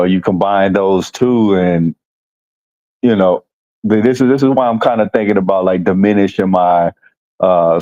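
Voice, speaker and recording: A man with a very low voice talks on a podcast in a relaxed, searching way, often repeating words before he lands on his point. The recording is dull and lo-fi. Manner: hesitant, repeats words while thinking. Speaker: podcast host. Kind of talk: casual podcast chat.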